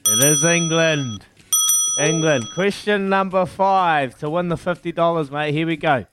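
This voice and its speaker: Matey New Zealand radio quiz host. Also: male voice, on the high side, a little slow, loud music behind the voice. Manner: matey and teasing, counts down aloud. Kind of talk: breezy radio quiz banter with callers. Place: radio studio.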